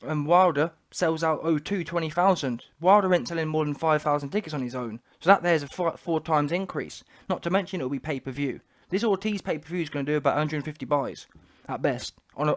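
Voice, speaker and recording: A man giving boxing commentary in a voice pitched higher than most men's. He talks casually and bluntly, full of slang, and often restarts his sentences as he argues his point. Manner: opinionated, trash-talking, lots of restarts.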